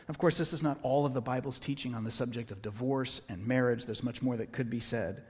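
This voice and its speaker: A man preaching a sermon as pastor, talking conversationally and punching words with bursts of loud emphasis. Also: medium pitch, fairly even intonation, a little fast, hardly any pauses, husky, in a large hall.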